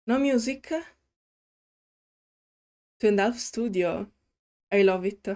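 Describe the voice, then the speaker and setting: A woman's voice: mid-range voice, steady tone, normal speed, darkish tone, smooth. A woman with an Italian accent, chatting playfully while starting a new game as a gaming YouTuber. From Italy. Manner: playful and chatty, hums to herself. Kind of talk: casual game commentary. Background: faint game music.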